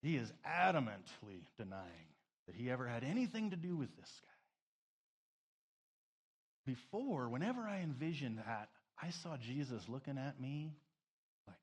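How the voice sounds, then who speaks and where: A man preaching a sermon, emotional, swinging between loud emphasis and a soft hush, tearful at moments. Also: medium pitch, big pitch swings, unhurried, long pauses, slightly rough. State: crying. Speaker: pastor.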